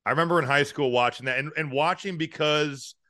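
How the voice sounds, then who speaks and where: A man co-hosting a sports podcast, telling stories with a bright, forceful voice. He is animated and laughs a lot. The sound is dry and close. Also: fairly high pitch, fairly quick, no echo. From Indiana. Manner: animated storyteller, laughs often. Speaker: podcast co-host. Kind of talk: casual sports chat.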